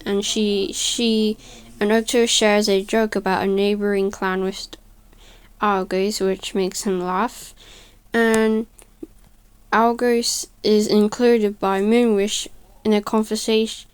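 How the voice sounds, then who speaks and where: Slow, halting woman with a smooth voice. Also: mid-range voice, darkish tone. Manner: halting, stuttering, often correcting herself. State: tired. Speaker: video creator narrating a speedpaint. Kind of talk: casual voice-over storytelling.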